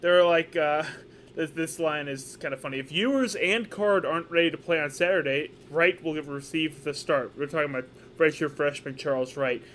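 A man co-hosting a casual sports podcast, animated and joking, often repeating himself. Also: fairly high pitch, moderate pace, a little hiss or hum. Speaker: podcast co-host. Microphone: podcast microphone.

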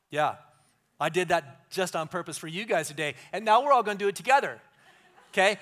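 A man preaching a sermon as pastor, conversational and animated, dropping to hushed tones for emphasis. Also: high voice, brisk.

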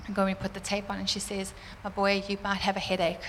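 A woman telling a church congregation a personal testimony, animated and fervent, laughing often. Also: mid-range voice, fast talker, a little hiss or hum. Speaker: church speaker sharing a testimony. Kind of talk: sermon testimony. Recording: roomy church hall reverb, faint ambience.

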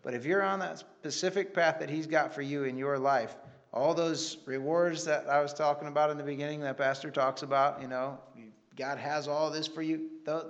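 An earnest man shares his testimony in a sermon-like way, rambling and restarting as he goes. His voice sits a little high. The recording sounds dull and lo-fi. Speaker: church member giving testimony.

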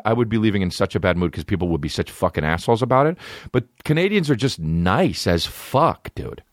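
Profane, animated male comedian ranting. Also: lowish voice, no echo, clean studio sound. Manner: profane, rambling, animated rants. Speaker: comedian podcast host. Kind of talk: casual comedy podcast monologue.

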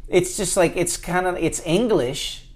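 A man in casual chat as a podcast guest, talking in a relaxed, rambling way with many fillers. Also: high-pitched, measured pace.

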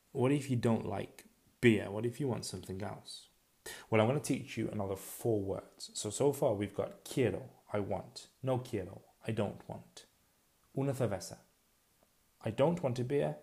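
A man teaching a recorded language lesson, drilling words slowly and repeating them, chatty and a little self-deprecating. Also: fairly low pitch, vocal fry, dark tone. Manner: slow, repetitive drilling with pauses for practice.

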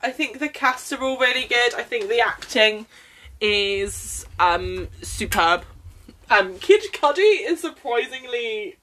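A woman's voice: a little high, slow pace, a little hiss or hum. A woman co-hosting a podcast, chatting expressively and casually about films. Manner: chatty, expressive, laughs easily. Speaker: podcast co-host. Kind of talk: casual film review chat.

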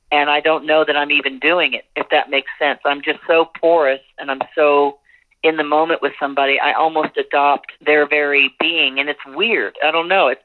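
A singer in a phone interview, talking earnestly and rambling with many restarts. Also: medium pitch. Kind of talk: phone interview, candid talk. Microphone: telephone. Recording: tinny phone line.

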